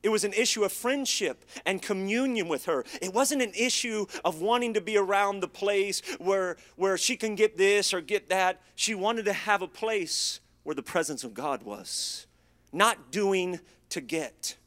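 A middle-aged man preaching with a notably high voice. His delivery is folksy and conversational, full of homely stories and call-and-response lines for the congregation. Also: lively intonation, a little slow, fairly bright tone. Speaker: pastor. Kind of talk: sermon.

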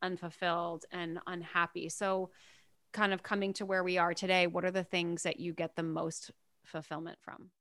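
A woman interviewer asking steady, even questions. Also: fairly low pitch, normal speed, no echo, studio quality. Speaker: podcast interviewer.

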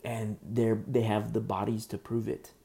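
A man's voice: on the low side, level tone, normal speed, mellow. A man preaching a sermon as pastor, emphatic and repetitive, often restarting his sentences.

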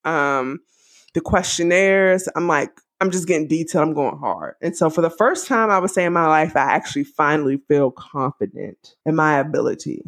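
A woman in her thirties with a Washington DC accent talks casually as a podcast co-host. Her pitch swings widely, and she laughs often and acts out the voices of people she quotes. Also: animated, moderate pace. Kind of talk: casual chat.

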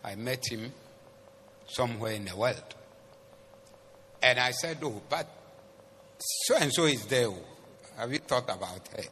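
Slow, bright-voiced preaching man in a hall. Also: medium pitch. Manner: mixes English with Twi phrases; swings between soft asides and loud emphatic preaching. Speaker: pastor. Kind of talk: sermon. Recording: long hall reverb with faint noise.

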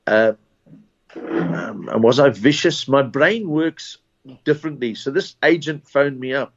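A man's voice: mid-range voice, animated, measured pace. A South African man spins stand-up stories in a loose, rambling way, tripping over his starts and chuckling as he goes. The recording is dull and slightly lo-fi. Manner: rambling anecdotes with false starts and laughs. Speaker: comedian. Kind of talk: casual interview storytelling.

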